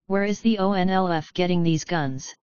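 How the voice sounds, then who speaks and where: A man's voice: sits high, moderate pace, darkish tone, clean tone, dry recording, muffled recording, lightly acted. A woman voicing a wiry young man who talks in a sour, clipped way.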